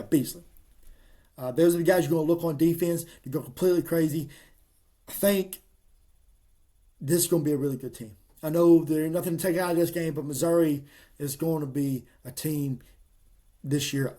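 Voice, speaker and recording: A man giving casual, emphatic college football picks in a folksy, excitable way. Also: a little high, fairly quick. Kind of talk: casual sports picks monologue.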